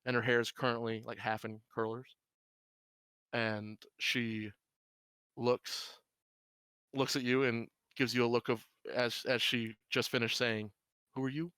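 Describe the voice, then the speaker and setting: A man's voice: medium pitch, flat delivery, a little slow, pauses often, sharp tone, clear, resonant tone, no echo. A man narrating a tabletop role-playing game as game master, rambling with lots of fillers.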